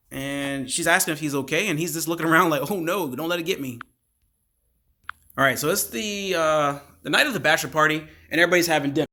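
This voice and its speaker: Male host, slightly high voice, loose rambling recap full of fillers. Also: a bit bright. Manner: rambling, filler-heavy retelling with "like" and "you know". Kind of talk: casual episode recap.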